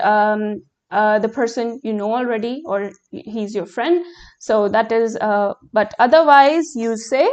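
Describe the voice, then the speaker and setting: Her pitch sits on the higher side with a slightly mellow quality. She's a young native Hindi speaker running a live German class in English, patiently working through chat questions at a slow pace with frequent filler words.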